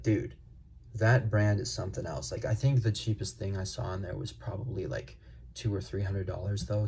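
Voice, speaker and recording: A man casually reviewing a pen on camera, rambling and excited, full of fillers and gushing exclamations. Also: on the low side, creaky, husky. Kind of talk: casual unscripted product review. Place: at a desk.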